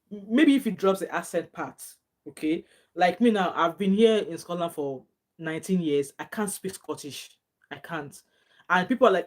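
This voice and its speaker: Chatty Nigerian woman vlogger. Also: on the low side. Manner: chatty and animated, laughs often, drops into Nigerian Pidgin phrases. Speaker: gossip vlogger. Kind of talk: casual chat reading viewer comments.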